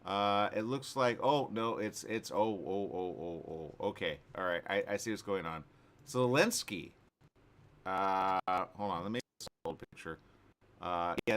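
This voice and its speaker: Rambling, deep-voiced radio host man. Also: clean tone. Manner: rambling, animated, many fillers and restarts. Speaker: radio morning show host. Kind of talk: casual talk radio chat. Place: radio studio.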